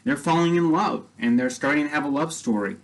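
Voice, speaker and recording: A man's voice: on the high side, animated, brisk, vocal fry, poor audio. A man casually retelling a story, rambling, with lots of fillers and repeated phrases.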